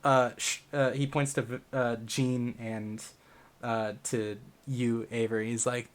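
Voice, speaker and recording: A man's voice: mid-range voice, level tone, slow pace. A young man running a tabletop game, narrating in a loose, rambling way full of fillers and swearing. His voice sits in an ordinary middle range. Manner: casual, profane, filler-heavy storytelling. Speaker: game master.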